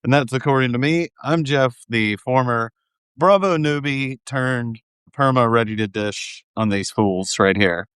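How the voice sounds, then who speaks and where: A man's voice: mid-range voice, unhurried, a bit bright, clean tone, no room sound. Wry man co-hosting a podcast. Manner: wry, easygoing banter. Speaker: podcast co-host. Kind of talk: casual pop culture recap chat.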